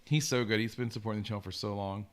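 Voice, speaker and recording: A man's voice: on the low side, steady tone, rapid-fire, clean tone. A man hosting a casual live stream, chatting eagerly and reacting to viewer comments. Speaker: host.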